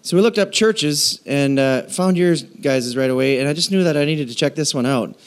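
A man preaching a sermon, telling stories and acting out quoted voices, with halting restarts between phrases. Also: a little high, clear, resonant tone. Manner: storytelling with animated quoted voices. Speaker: pastor.

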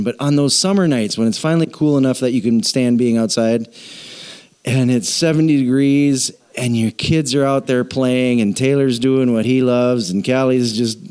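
A middle-aged man, the pastor, preaching a sermon in an animated, self-deprecating storytelling way. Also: medium pitch, clear, resonant tone.

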